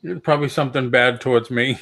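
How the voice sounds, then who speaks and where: A man's voice: mid-range voice, steady tone, fast, vocal fry, a bit bright. Easygoing man hosting a live auction. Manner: easygoing, joking, upbeat.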